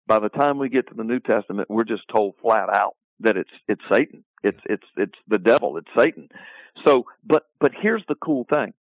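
A man's voice: fairly low pitch, expressive, moderate pace, no room sound. Emphatic preaching man on a phone line. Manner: emphatic, repetitive, builds lists. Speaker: author and Bible teacher. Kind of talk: preaching-style interview answer. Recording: phone-line sound, dry.

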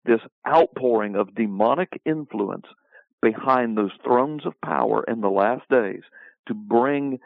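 A man's voice: medium pitch, a little slow, vocal fry, dry recording. Emphatic preaching man on a phone line. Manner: emphatic, repetitive, builds lists. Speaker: author and Bible teacher. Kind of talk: preaching-style interview answer. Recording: phone-line sound, dry.

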